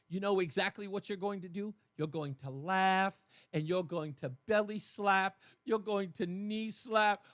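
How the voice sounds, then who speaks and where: A man hosting a talk radio show, giving animated commentary and acting out the voices of the people he quotes. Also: sits high, no echo, studio quality.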